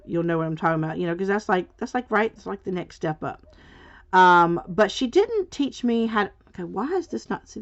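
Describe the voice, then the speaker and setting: A woman's voice: lowish voice, highs cut off. A woman chatting casually while she crafts at home, rambling along with lots of fillers and restarts. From Southern United States. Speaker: crafting channel host. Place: home, indoors.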